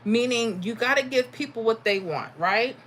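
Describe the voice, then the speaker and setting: A woman's voice: fairly high pitch, normal speed, a bit bright, slight background noise, poor audio. Chatty woman livestream host. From Florida. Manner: chatty, reads and answers viewer comments. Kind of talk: casual livestream chat.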